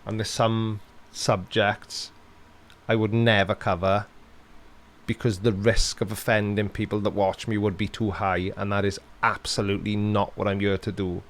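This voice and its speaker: A man's voice: fairly low pitch, flat delivery, moderate pace. A man with a Welsh accent hosting a casual live-stream Q&A, reading out chat questions and answering with dry, sarcastic humour.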